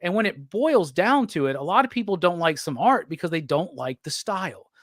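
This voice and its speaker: A man hosting a casual conversation about comics, talking in an animated, profane, slangy way and acting out what other people say. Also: high voice, brisk, no room sound, clean studio sound. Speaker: host.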